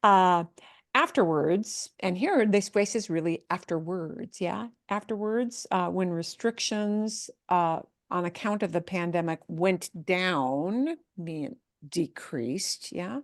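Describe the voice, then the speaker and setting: A woman's voice: fairly low pitch, slow, dry recording, studio quality. A woman teaching a Spanish class, switching between Spanish and English and patiently explaining how words are stressed. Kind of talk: online language class.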